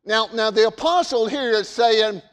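A man preaching a sermon as pastor, repeating and restarting his phrases and reading scripture aloud slowly. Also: high-pitched, a bit bright, clear, resonant tone, big-room sound.

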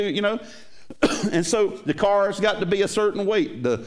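A man preaching a sermon to his congregation in a folksy, animated way. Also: high-pitched, moderate pace. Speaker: pastor.

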